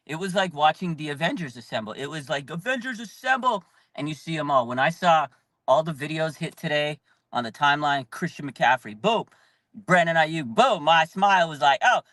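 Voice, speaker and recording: A man with a high, bright voice hosts a live fan show. He is hyped and animated, shouting in bursts and filling his talk with "like". The sound is close and dry. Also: no room sound. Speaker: fan channel host. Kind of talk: excited live fan commentary.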